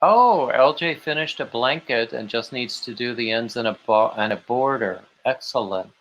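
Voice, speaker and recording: A man hosts a casual live stream, rambling as he chats and reads viewer comments aloud. His medium-pitched voice is a bit bright and moves at a moderate pace, heard through dull lo-fi stream audio.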